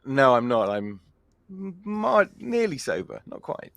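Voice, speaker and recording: A man's voice: mid-range voice, big pitch swings, unhurried, creaky, fairly bright tone, dry recording. A man speaking as a panelist in a casual online Q&A on a video call, wry and chatty.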